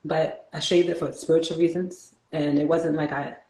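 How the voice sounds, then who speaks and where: A woman's voice: deep voice, little pitch movement, normal speed, darkish tone. Laughing New York woman, roomy sound. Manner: laughs easily, playful, reflective. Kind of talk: casual spiritual conversation.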